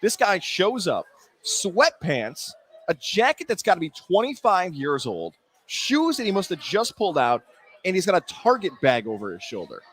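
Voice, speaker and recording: A man co-hosting a casual sports talk show, telling stories with animated energy and frequent laughter. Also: high-pitched, moderate pace, breathy edge. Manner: animated storyteller, laughs often. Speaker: co-host.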